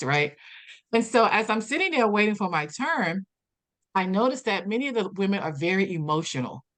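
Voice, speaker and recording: A woman guest on an interview podcast, telling her story in a lively way and acting out the dialogue she quotes. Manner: animated, acts out quoted dialogue with big pitch jumps. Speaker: podcast guest, personal development coach.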